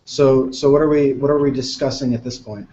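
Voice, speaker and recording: A man's voice: mid-range voice, fairly even intonation, fairly quick, dark tone. A man hosting a casual group video chat, bantering and teasing the others. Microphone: video call. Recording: dull lo-fi call audio with faint noise.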